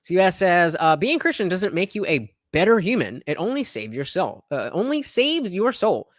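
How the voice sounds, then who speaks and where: A New Jersey man with a high-pitched voice hosts a livestream at a moderate pace, recorded with studio quality and no room sound. He reads chat comments aloud and rambles animatedly, full of fillers.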